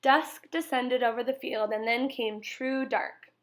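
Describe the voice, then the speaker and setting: A woman reading a children's novel aloud, measured and expressive. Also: fairly high pitch. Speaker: reader. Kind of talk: storybook read-aloud.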